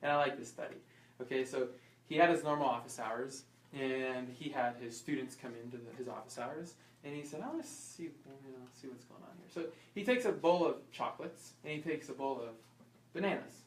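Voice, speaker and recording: A chiropractor teaching an informal health class, quizzing the audience and acting out small scenes. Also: male voice, mid-range voice, fairly quick. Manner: lively, asks the audience questions and acts out little scenes. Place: class room. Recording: echoey room, voice from far off.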